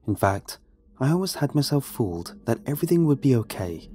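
A man narrating a first-person horror story in a somber, measured, grave way. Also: medium pitch, very animated, dark tone.

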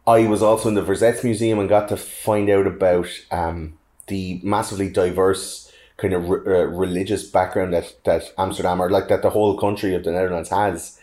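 Irish podcaster, low dark voice, rambling casual talk. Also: male voice, fairly even intonation, brisk. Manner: rambling, filler-heavy, with hesitant restarts. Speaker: podcast co-host. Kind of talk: casual chat.

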